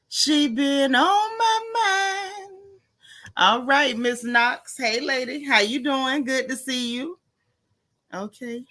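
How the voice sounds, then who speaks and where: Woman hosting a livestream: bright, high-pitched voice, folksy and chatty, greets her viewers one by one. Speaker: livestream host. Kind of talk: casual livestream chat.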